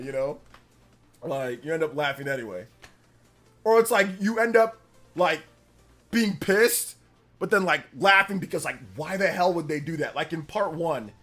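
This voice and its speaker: On a live stream, a young man chats casually and animatedly, laughing often and slipping into high-pitched character voices.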